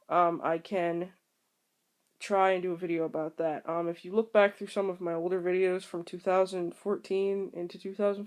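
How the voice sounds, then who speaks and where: A woman's voice: fairly low pitch, darkish tone. A young woman talking casually to the camera at home, rambling and candid with many ums and restarts. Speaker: vlogger.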